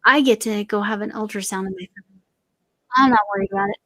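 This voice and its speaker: Hosting a crochet livestream, this middle-aged woman rambles chattily, often trailing off and starting again, her voice slightly going. Her tone is fairly bright, medium in pitch, and quick. The poor-quality audio has no echo.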